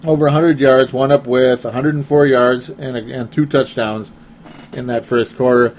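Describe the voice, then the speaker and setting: A man's voice: mid-range voice, steady tone, moderate pace, a little mellow. A young man hosting a casual sports talk show, rambling and laughing often as he reads listener comments. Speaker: podcast host.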